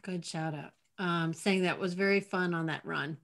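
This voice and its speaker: A woman's voice: fairly low pitch, steady tone, creaky, fairly bright tone. Bubbly, giggly woman hosting a show. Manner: giggly, bubbly, quick to laugh. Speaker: talk show host. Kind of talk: casual chat. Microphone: video call.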